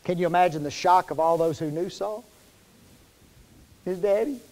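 A man preaching a sermon to his congregation in a folksy, conversational way, often pausing to quiz them with fill-in questions. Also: sits high, a little mellow. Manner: folksy, informal wording. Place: church sanctuary. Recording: long reverb of a church hall.

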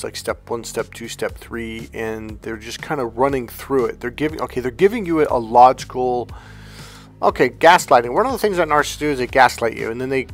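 A man hosting his own channel as a self-help coach, talking to camera in a relaxed, rambling way that keeps checking in with "okay?". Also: medium pitch. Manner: rambling and conversational, with restarts and "okay?" check-ins; calm, relaxed, comfortable delivery. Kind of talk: casual direct-to-camera talk.

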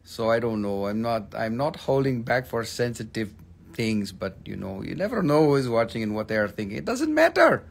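A man's voice: fairly low pitch, moderate pace, vocal fry, a little mellow. A man casually hosting a live mineral sales stream, swearing and joking as he rambles. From Appalachian Valley, USA.

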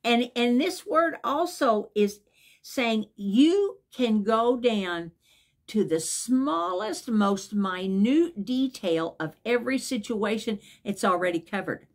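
A woman's voice: a little high, animated, takes it slowly. Woman, preacher, devotional sermon, enthusiastic, emphatic, repeats phrases.

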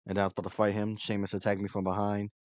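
A man's voice: on the low side, monotone, racing, darkish tone, no echo. A young man commentating his own gameplay, angry and frustrated, swearing constantly. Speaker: gaming channel host.

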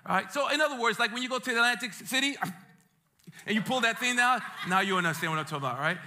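High, bright-voiced joking pastor. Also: male voice, fast, a little hiss or hum. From Brooklyn, New York. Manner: lively, joking, streetwise asides. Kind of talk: sermon. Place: church sanctuary.

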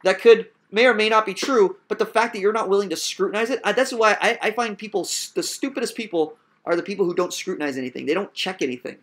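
A man with a high voice argues his points in a casual podcast chat. He talks emphatically and builds his case with repeated phrases. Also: fast, few pauses, a bit bright. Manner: emphatic and argumentative. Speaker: podcast host. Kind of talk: casual discussion.

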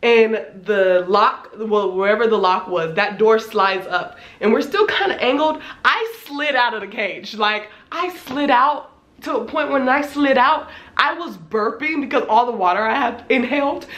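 In an echoey room, a vlogger in her twenties tells an animated, casual story about something frightening that happened to her. Her voice is on the high side and a little hoarse, and she swears a lot.

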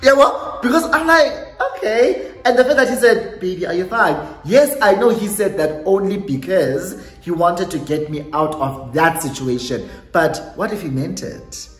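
A young South African woman telling a storytime on her vlog in a lively way, slipping Xhosa phrases into her English. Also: on the low side, measured pace, hardly any pauses. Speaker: YouTuber. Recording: echoey room with faint music.

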